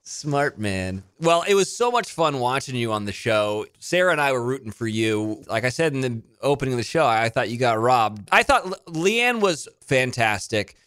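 A man hosting a casual interview, joking and chatty and quick to laugh. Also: mid-range voice, sing-song, a bit bright, smooth, no echo, clean studio sound. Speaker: host.

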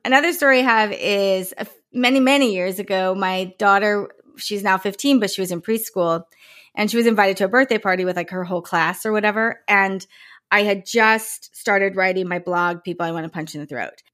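A woman's voice: medium pitch, fairly quick, a bit bright. A woman in her forties, a guest on a podcast, telling a funny story in casual chat and acting out the voices she quotes.

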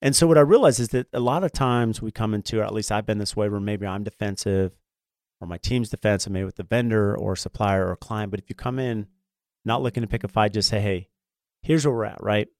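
Fast-talking gravelly man, casual chat. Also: lowish voice, darkish tone, no room sound, studio quality. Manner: fast, rambling, many fillers and restarts. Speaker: podcast co-host, home builder.

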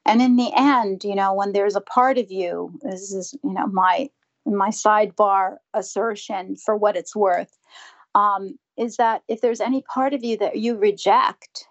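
A woman's voice: mid-range voice, steady tone, measured pace. Earnest woman dentist, slightly muffled. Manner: earnest, reflective, acts out quoted patients. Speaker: dentist guest. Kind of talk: conversational interview.

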